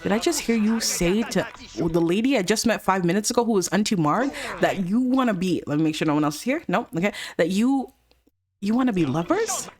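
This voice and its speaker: A woman's voice: medium pitch, expressive, brisk, darkish tone, pitched above the performer's own voice, lightly acted. A woman voicing Tristan, a young man confronting his friend in a life-sim game, pushy and indignant with bro slang. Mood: accusing.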